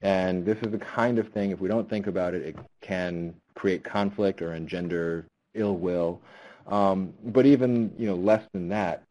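Speaking at a measured pace in a deep, steady, warm voice, a man who researches linguistics talks conversationally about public speaking in a webinar. He often says um and restarts, and the recording quality is low.

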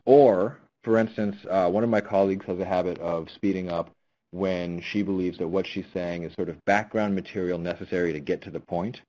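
A man's voice: low-pitched, steady tone, brisk, dark tone, poor audio. A man and linguistics researcher giving a conversational webinar talk on public speaking, explaining with frequent ums and restarts. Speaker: speech presenter and linguistics researcher.

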